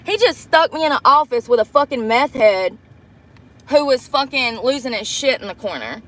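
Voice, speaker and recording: A woman's voice: high voice, expressive, normal speed, fairly bright tone. A profane woman venting in a truck. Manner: profane, blunt and exasperated. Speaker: vlogger livestreaming a get-ready-with-me. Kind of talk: casual storytelling while doing makeup. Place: inside a parked truck.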